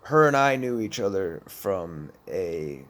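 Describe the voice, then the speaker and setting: A man's voice: sits low, big pitch swings, slow, fairly bright tone. A man telling a personal story about addiction in a blunt, profane way, with many restarts. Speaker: speaker sharing addiction experiences. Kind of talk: personal storytelling, recovery talk.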